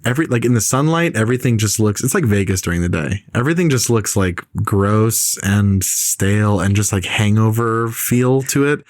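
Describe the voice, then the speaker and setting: A man's voice: on the low side, normal speed, hardly any pauses, dry recording, clean studio sound. A man hosting a casual podcast chat, talking at length and rambling with lots of fillers. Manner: talkative, rambling with many fillers. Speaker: podcast host.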